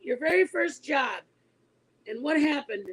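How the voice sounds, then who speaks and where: A woman in her forties, a mother, telling a story to her online viewers in a casual, animated way. She is emphatic and laughs often as she talks. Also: high voice, measured pace, rough recording. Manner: animated and emphatic, insisting she is not lying.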